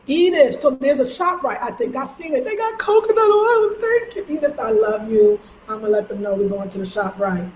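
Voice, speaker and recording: A middle-aged woman from Brooklyn talks through a casual vlog, her voice sitting a little high. She tells her stories with energy and slips into the voices of the people she quotes. The room is echoey, with faint noise underneath. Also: a little fast, few pauses. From Brooklyn, New York. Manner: chatty, animated storytelling with voiced quotes. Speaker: travel vlogger. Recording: roomy echo with faint background noise.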